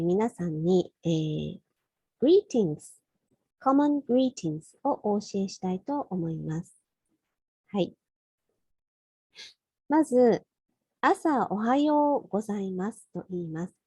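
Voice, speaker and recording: A woman from Japan with a Japanese accent gives a language lesson in a mellow, slightly husky voice. She explains slowly and carefully, often correcting herself mid-phrase. The recording is dry and close. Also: mid-range voice, very animated, no echo, poor audio. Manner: slow, careful explanations with frequent self-corrections. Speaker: Japanese teacher.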